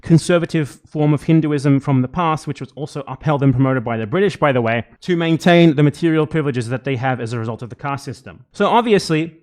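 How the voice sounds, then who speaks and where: A man with a fairly high voice rants through a live reaction stream. He sounds exasperated and furious and swears constantly as he picks apart the clip. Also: brisk, hardly any pauses, darkish tone. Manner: angry, exasperated, heavy swearing.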